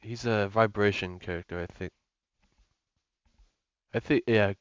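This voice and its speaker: A man's voice: on the low side, fairly even intonation, a little slow, smooth, no echo. A young man giving casual gameplay commentary as a gaming YouTuber, rambling with lots of fillers and restarts. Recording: lo-fi with music and mains hum.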